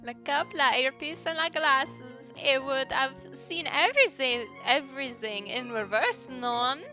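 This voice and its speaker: A woman putting on a French accent to voice a flamboyant male French restaurant owner and chef, theatrical and drawn-out, sprinkled with French words. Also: high-pitched, sharp tone, soft background music, pitched above the performer's own voice. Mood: showy. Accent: put-on French.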